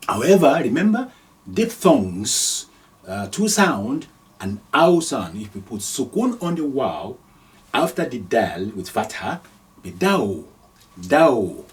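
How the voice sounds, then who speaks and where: A man from Nigeria gives a slow, step-by-step lesson on Arabic letters, patiently repeating each sound and chuckling now and then. His mid-range voice is recorded from a distance.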